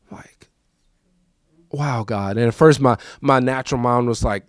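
A man's voice: mid-range voice, a little fast, dry recording. Man preaching a heartfelt testimony, dry sound. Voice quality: conversational, emotional, repeats himself. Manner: swings from quiet recollection to raised emphatic preaching. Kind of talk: testimony sermon.

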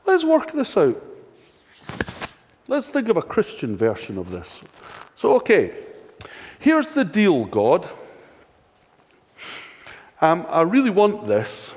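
A man's voice: high-pitched, huge pitch swings, slow pace, long pauses. An older Scottish man preaching a sermon in a chatty way, full of rhetorical questions and dry self-mocking humour. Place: church. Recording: long reverb of a church hall.

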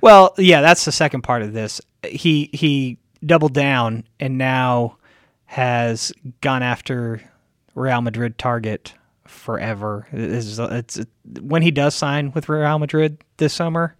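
A man's voice: medium pitch, takes it slowly, no room sound. A tired man co-hosting a casual sports podcast, chatty and rambling, talking into a close mic. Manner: rambling, chatty, trails off and restarts. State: tired, yawning. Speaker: podcast co-host. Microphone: close studio mic.

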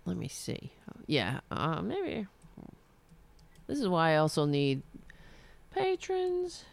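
A woman's voice: fairly low pitch, huge pitch swings, takes it slowly, gravelly. A woman delivering a heated, sarcastic, profane political rant, speaking for herself. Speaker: political commentator.

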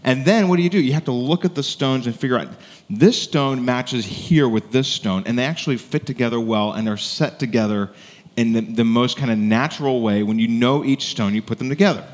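A man preaches in a relaxed, conversational manner, often pausing to check in with his congregation. His voice sits at an ordinary mid pitch. The sound carries a long reverb, as in a spacious church sanctuary. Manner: conversational preaching, frequent "right?" asides. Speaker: pastor. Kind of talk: sermon.

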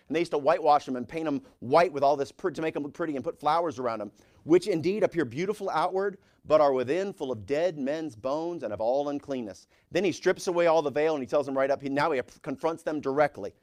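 Middle-aged male pastor with a slightly high voice, preaching with animated force. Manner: animated preaching, reads scripture aloud with rising force. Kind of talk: sermon.

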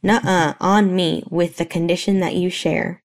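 A woman's voice: on the low side, fairly even intonation, unhurried. A woman voicing a teasing, flirtatious female shop clerk who drawls playfully.

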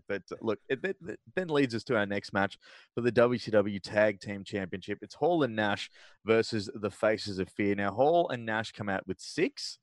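A man's voice: lowish voice, expressive, normal speed, dry recording. A man co-hosting a casual podcast chat. He rambles through long recaps with plenty of fillers and restarts, his voice close and dry with no room sound around it. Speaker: podcast co-host.

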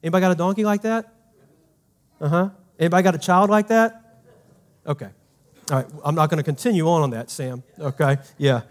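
A man preaching a sermon as pastor, emphatic and conversational, swinging from loud to hushed and asking the congregation questions. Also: on the high side, fairly quick, long pauses.

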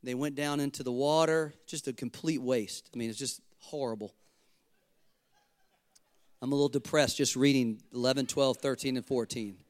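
A man's voice: mid-range voice, steady tone, moderate pace, a little mellow, dry recording. A male pastor preaching a sermon, fervent and emphatic, with casual asides to the congregation.

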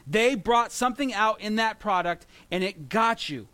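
A man in his thirties preaching a sermon, telling animated stories with jokes and mimicry. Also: high voice, moderate pace, smooth. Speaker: pastor.

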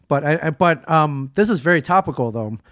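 A man's voice: a little high, animated, a little fast, a bit bright, no echo, clean studio sound. A man co-hosting a podcast from a comic book store, chatting casually and joking in a rambling way. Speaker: podcast co-host.

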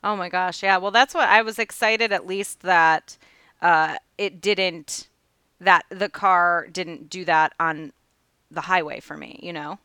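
A woman's voice: on the low side, steady tone, unhurried, pushed and bright, clean tone, dry recording, studio quality. A woman co-hosting a podcast in casual chat, self-mocking and chatty. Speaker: podcast co-host.

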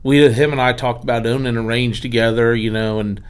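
A driving range owner from Pennsylvania tells animated anecdotes in casual conversation, acting out the quotes. His mid-range voice is smooth and brisk.

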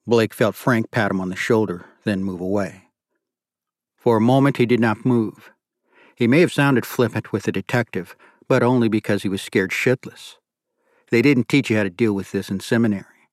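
A man narrating an audiobook in steady, measured scripted storytelling. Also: fairly low pitch, dry recording, studio quality.

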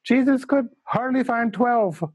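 A man's voice: very high-pitched, a little slow, darkish tone, husky, no echo, pitched above the performer's own voice, exaggerated voice. A man putting on an insistent Indian teacher. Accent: Indian English. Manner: emphatic, repeating himself. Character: older male Indian spiritual teacher, reverent and insistent.

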